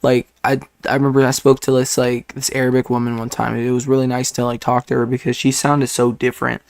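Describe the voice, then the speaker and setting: A man's voice: medium pitch, monotone, fast talker, creaky, darkish tone, no echo. A man in his twenties from Detroit, chatting casually with stream viewers in a rambling way, laughing often and filling with "like". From Detroit, United States. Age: 20s.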